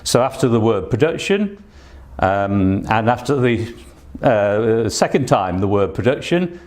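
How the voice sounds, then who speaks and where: A man's voice: on the low side, big pitch swings, a little slow, a little mellow. Patient man teaching an online lesson. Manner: patient, instructive, many fillers. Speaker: English test teacher. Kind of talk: online exam-prep lesson.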